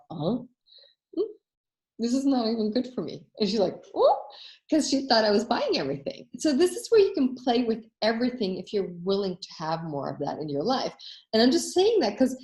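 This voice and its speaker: A woman hosting a coaching workshop, telling anecdotes in a casual, animated way and acting out the voices she quotes. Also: mid-range voice, roomy sound.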